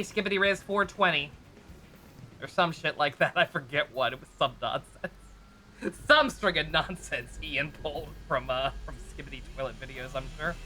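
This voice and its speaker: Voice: medium pitch, sharp tone. A streamer chatting casually while playing a game live, reading lines aloud, laughing often and grumbling wryly.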